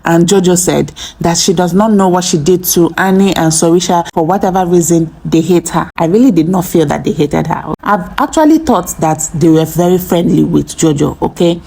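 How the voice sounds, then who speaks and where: A woman's voice: fairly low pitch, normal speed, vocal fry, hardly any pauses, mellow, husky. A woman giving a chatty, opinionated recap of a reality TV episode, often acting out what others said. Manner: chatty, opinionated, acts out quotes. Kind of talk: casual recap commentary.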